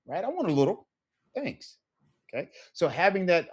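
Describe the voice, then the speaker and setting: A man's voice: a little high, big pitch swings, normal speed. A middle-aged man teaching an online Spanish lesson, repeating phrases with rising emphasis.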